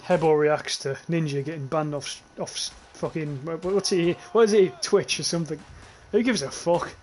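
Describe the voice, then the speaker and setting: A man's voice: a little high, fairly even intonation, brisk, darkish tone, slight background noise. Sweary rambling young man. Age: young adult. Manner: rambling, sweary, laughs often, reads chat aloud. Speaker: streamer. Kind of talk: casual livestream commentary while playing.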